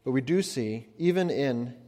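A man's voice: mid-range voice, normal speed. Man preaching in an echoing hall. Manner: expressive, swings between emphatic and hushed. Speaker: pastor. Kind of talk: sermon. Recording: long hall reverb.

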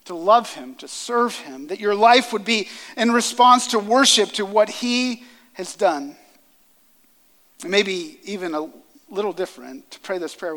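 A man in his thirties preaching a sermon, earnest, rising loud on key lines and dropping soft. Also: sits high, lively intonation, unhurried. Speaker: pastor. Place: church sanctuary. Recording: long hall reverb.

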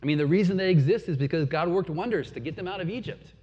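Male pastor, earnest sermon delivery, slightly husky voice, long hall reverb on a dull recording. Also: sits high. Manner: earnest, reflective, rhetorical questions, drops to quiet pauses.

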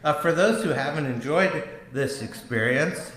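A middle-aged man preaching a sermon in a church, leading a prayer and then talking in a conversational, gently humorous way. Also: on the high side, unhurried. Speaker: pastor. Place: church sanctuary. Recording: echoey church room.

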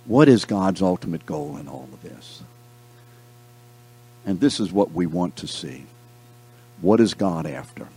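A man's voice: deep voice, measured pace, long pauses, slightly rough. A man teaching a Bible lesson to a class, telling stories with jokes and calling on his students by name. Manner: animated, joking storyteller who calls on students by name.

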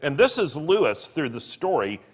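A man reading book passages aloud and explaining them in an earnest, expressive way, with occasional fillers. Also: on the high side, normal speed, slightly rough. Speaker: podcast co-host discussing a book. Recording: long reverb on the voice.

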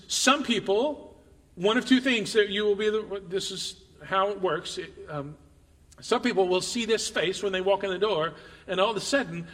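Male pastor, chatty sermon style, stumbles and repeats, high voice, echoing sanctuary. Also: pushed and bright. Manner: conversational, repeats words, addresses congregation directly. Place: church sanctuary.

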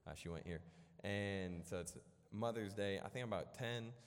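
A young man from Illinois delivers a sermon through a personal story, with a low-pitched voice. He talks casually, with plenty of fillers and self-deprecating humor. The sound rings out with the long reverb of a church hall. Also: moderate pace. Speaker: preacher.

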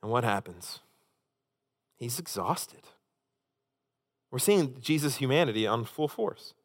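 A man preaching a sermon as a pastor, telling a story with animated, emphatic delivery. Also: medium pitch, slow pace. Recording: long hall reverb.

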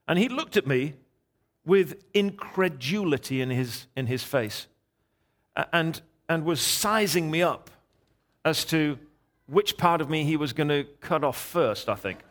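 A middle-aged man preaching as a guest, telling a story in a lively, animated way and voicing the people in it. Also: a little high, a little slow. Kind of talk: sermon storytelling.

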